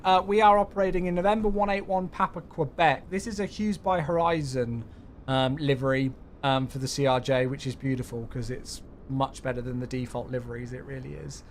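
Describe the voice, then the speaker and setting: A man gives live, chatty commentary while he streams a flight simulator. His voice bounces up and down with lively pitch, and he greets viewers cheerfully. A faint noise sits under the recording. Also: brisk.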